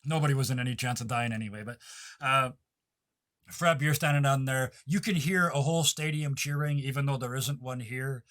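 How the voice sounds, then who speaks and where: A man's voice: medium pitch, brisk, a bit bright. Playful man narrating a tabletop game. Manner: playful, laughs often, self-correcting. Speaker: game master.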